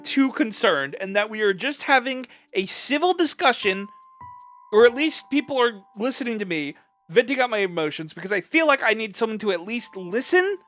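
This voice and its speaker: A streamer venting to a livestream chat, impassioned and exasperated, trying to stay measured while upset. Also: mid-range voice, fairly bright tone.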